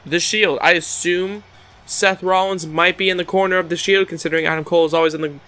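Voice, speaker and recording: A man doing casual play-by-play commentary over a wrestling video game, excitable and often stumbling and repeating words. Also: high-pitched, fast talker.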